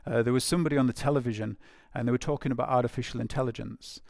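A preacher gives a sermon in a gravelly, creaky, slightly mellow mid-range voice, racing along with fairly even intonation. He speaks conversationally, circling back and repeating phrases for emphasis, with plenty of ums and uhs. The recording is close and dry, without room echo.

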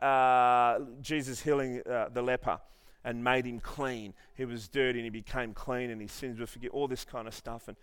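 A man's voice: medium pitch, fairly bright tone, clean tone. A man preaching a sermon, telling a story with many restarts and then leading the congregation in earnest prayer. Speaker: pastor.

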